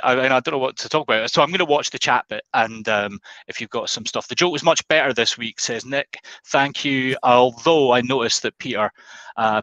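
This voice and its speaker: A man's voice: medium pitch, bright, forceful tone, dry recording, low-quality recording. A man hosting an online webinar, talking casually with lots of ums and restarts. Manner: rambling, many ums and restarts. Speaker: webinar host.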